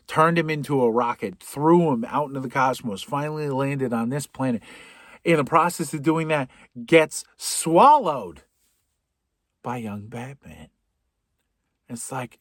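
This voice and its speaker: A man recapping a film plot for comedy, rambling and sarcastic, with sudden loud outbursts and whispered asides. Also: medium pitch, lively intonation, normal speed, dry recording, clean studio sound. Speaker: podcast host.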